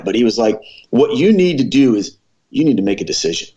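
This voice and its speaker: A man in his forties, a former pastor and podcast guest, telling his conversion story in an earnest, animated way with quoted dialogue. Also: medium pitch, fast talker, highs cut off. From American Midwest.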